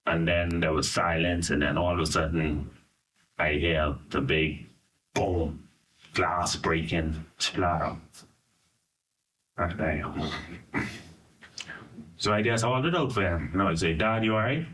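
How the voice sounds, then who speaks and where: A middle-aged Bahamian man recounting a personal ordeal in an interview, halting and full of "you know". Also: low-pitched, a bit bright, husky. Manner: halting, searching for words, frequent "you know". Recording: voice from a distance.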